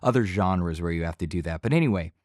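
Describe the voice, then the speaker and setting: Man, deep low voice, relaxed conversational teaching, dry close studio mic, home studio tutorial. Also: quick pace, dry recording. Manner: relaxed conversational teaching, occasional bursts of yelling demos. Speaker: voice-over instructor. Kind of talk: casual tutorial explanation. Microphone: studio microphone.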